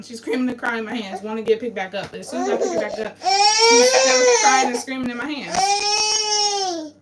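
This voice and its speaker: A tearful woman with a fairly high voice vents raw and unfiltered, swearing as her voice breaks. She sounds set back from the mic in a bathroom, with clear hiss and noise under her words. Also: far from the mic. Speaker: vlogger. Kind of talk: emotional confessional vlog. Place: home bathroom.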